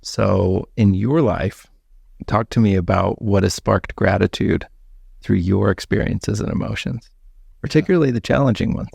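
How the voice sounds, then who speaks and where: A man hosting a podcast, asking reflective questions in an unhurried, casual way. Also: lowish voice, gravelly, a little mellow, slightly rough, dry recording, clean studio sound. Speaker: podcast host. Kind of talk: casual interview chat.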